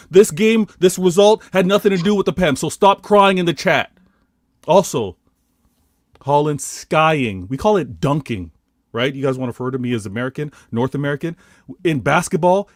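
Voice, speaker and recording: A man's voice: mid-range voice, no room sound, studio quality. Emphatic Canadian man ranting as a football fan. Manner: emphatic, theatrical fan rant with mock indignation. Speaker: football podcast panelist. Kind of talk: casual football podcast chat.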